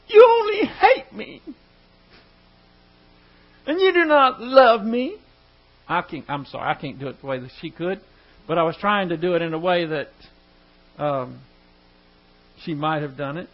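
Male preacher, high voice, folksy joking Bible teaching; muffled lo-fi recording with hum. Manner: chatty, joking asides, reads scripture aloud. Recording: dull lo-fi recording with mains hum.

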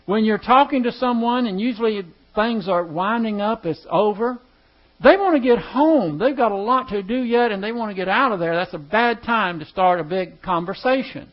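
A man's voice: high voice, moderate pace. A man teaching a class in a conversational way, putting questions to his listeners. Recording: dull lo-fi recording.

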